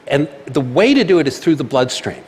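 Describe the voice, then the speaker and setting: A man's voice: medium pitch, very animated, fairly quick, a little mellow. A man giving a talk with onstage questions, explaining in a confident way. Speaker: speaker. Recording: long hall reverb.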